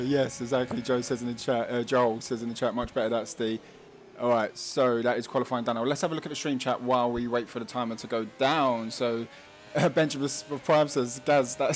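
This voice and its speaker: A man hosting a live esports racing stream in a chatty, casual way, often laughing and reading chat messages aloud. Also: mid-range voice. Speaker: stream host.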